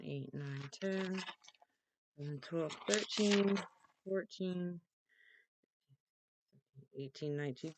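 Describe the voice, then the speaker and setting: A young woman vlogging casually from home, chatty and rambling, laughing easily. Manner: baby-talks to her cat in a high voice. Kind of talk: off-the-cuff casual vlog. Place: at home with her computer.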